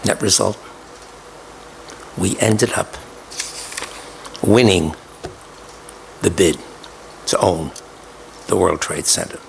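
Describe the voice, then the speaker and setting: An older man recounting a personal story, deliberately repeating key details for emphasis. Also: sits low, creaky, slight background noise, poor audio. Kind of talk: storytelling speech.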